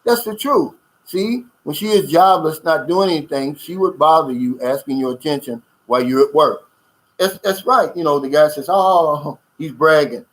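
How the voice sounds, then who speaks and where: A man's voice: on the high side, lively intonation, normal speed, a bit bright, low-quality recording. Blunt man hosting a casual livestream chat. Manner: emphatic, blunt, calls listeners "man". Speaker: channel host reading viewer comments.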